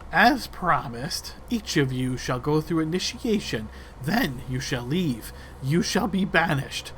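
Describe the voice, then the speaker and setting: A man's voice: a little high, sing-song, slow pace, fairly bright tone, slight background noise, exaggerated voice. A man voicing a menacing female wererat gang leader in a tabletop game, speaking in a taunting, threatening manner.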